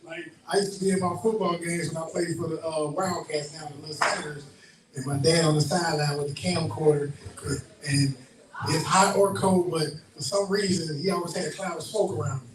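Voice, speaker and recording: A man's voice: on the high side, fairly even intonation, fairly quick, reverberant, far from the mic, crowd noise, poor audio. A man co-hosting a podcast, telling stories in an easygoing, casual way. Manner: easygoing, laughs between stories. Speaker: podcast co-host. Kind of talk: casual chat, storytelling.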